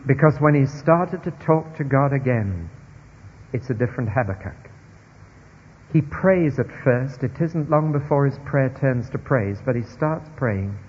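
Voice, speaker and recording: A man preaching a sermon in an expressive style, now hushed, now emphatic, his voice at a mid pitch. The sound is dull and muffled, with a long reverb tail from a church or large hall. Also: slight background noise.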